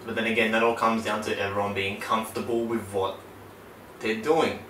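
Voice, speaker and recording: A young man chatting on a podcast, cursing freely and throwing himself into his stories. He sits far from a poor mic, so his voice comes through distant and roomy, with faint hiss underneath. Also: a little fast. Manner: swears a lot, animated storyteller. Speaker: podcast co-host. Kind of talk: casual chat. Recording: roomy, distant low-quality backup mic.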